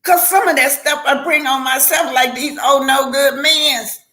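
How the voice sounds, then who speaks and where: A woman's voice: sits high, fairly even intonation, measured pace, bright, forceful tone. An older woman, a grandmother, talking casually on a live stream and giving heartfelt life advice, preachy in tone and often stumbling and restarting her words.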